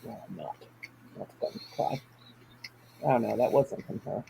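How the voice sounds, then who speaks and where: A woman's voice: rumbling low, expressive, normal speed, creaky, warm tone, slight background noise, rough recording. An older woman hosting a casual livestream at home, chatty and folksy, reading comments aloud and laughing often. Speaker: livestream host.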